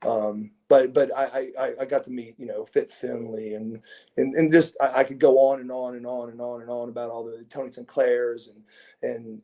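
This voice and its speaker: Mellow-voiced man telling rambling stories. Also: mid-range voice. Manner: rambling, repeats words and restarts, chuckles between stories. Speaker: interview guest, former pro wrestler. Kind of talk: casual anecdotal storytelling.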